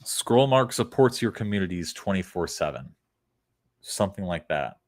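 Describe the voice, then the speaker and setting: Blunt man reviewing copy, deep low voice, sarcastic asides. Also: big pitch swings, normal speed. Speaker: copywriting critic. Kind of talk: casual critique of web copy.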